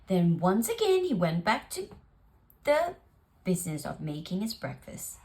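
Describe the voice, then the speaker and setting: Woman storyteller, picture book read-aloud, slow, hugely animated pitch. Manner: very expressive, lingering on phrases.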